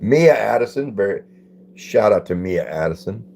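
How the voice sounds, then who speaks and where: Hosting a casual livestream from his phone, a laid-back man greets viewers by name and reads their comments aloud. His fairly low voice has lively intonation, vocal fry, and a warm tone at a normal speed, with slight background noise.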